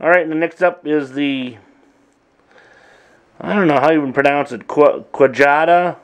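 A middle-aged man casually walking through his old drum machine sounds, talking in a relaxed, halting way with frequent pauses. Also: fairly high pitch, muffled recording. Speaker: drummer demonstrating gear. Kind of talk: casual demo walkthrough.

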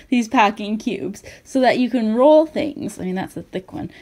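A Canadian woman vlogs from home, chatting casually to the camera indoors in a rambling way with plenty of fillers and giggles. Her voice is a little high and a little mellow, expressive, at a measured pace.

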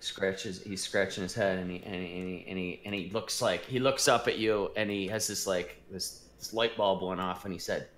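Rambling game master in an echoey room. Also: male voice, sits low, steady tone, moderate pace, hardly any pauses, a bit bright, a little hiss or hum. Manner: rambling, filler-heavy narration. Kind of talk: narrating a tabletop game.

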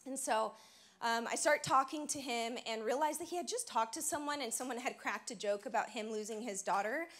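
A woman in her thirties giving a chatty, practical personal testimony at a church women's event. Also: fairly high pitch. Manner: bubbly, chatty, practical storytelling. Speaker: women's conference speaker. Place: church stage before a live audience.

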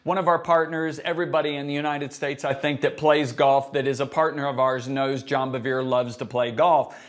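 A man's voice: mid-range voice, flat delivery, normal speed. A male preacher giving a sermon, telling a personal story and acting out the conversations in it.

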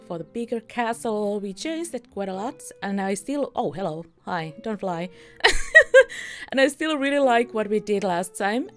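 A woman streamer giving chatty, upbeat commentary while playing a game, chuckling often. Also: medium pitch. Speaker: let's play streamer. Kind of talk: casual gameplay commentary.

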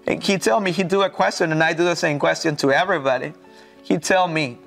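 A pastor from Mexico telling his testimony in halting, earnest English with a Mexican Spanish accent. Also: a little high, creaky, a bit bright, soft background music. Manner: earnest, halting non-native English with repeated restarts. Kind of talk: personal testimony in an interview.

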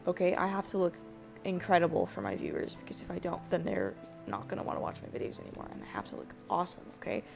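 A woman's voice: fairly low pitch, very animated, quick pace, vocal fry, music in the background. A young woman giving casual gameplay commentary in a panicky, self-mocking way, swearing freely. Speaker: Minecraft let's player.

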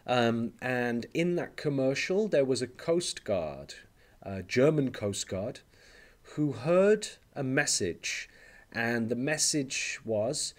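Teacher lecturing online, mid-pitched man, relaxed, lots of okays and ums. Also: slow pace. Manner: relaxed, explanatory, frequent "okay" and "um" fillers.

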